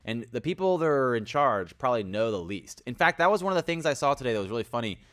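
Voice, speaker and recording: A young man hosting a casual livestream, rambling and energetic, greeting viewers by name and sometimes yelling. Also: medium pitch, fast. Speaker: livestream host.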